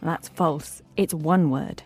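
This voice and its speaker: A woman's voice: low voice, fairly even intonation, takes it slowly, darkish tone, breathy edge, faint music behind. A young woman co-hosting a radio lesson, explaining grammar in a cheerful, playful way. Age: young adult. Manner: cheerful, playful banter with co-host. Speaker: co-host of a radio English vocabulary lesson. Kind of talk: scripted teaching presentation.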